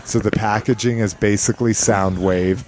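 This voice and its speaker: A man hosting a podcast in casual chat, excited and joking, swearing freely. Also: fairly low pitch, normal speed. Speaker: podcast host.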